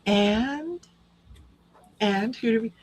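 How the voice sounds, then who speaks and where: A woman's voice: on the high side, drawn-out words, darkish tone, rough recording. A woman hosting a live tarot reading stream, chatting casually and calling out viewers by name. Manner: friendly, calls out viewer names.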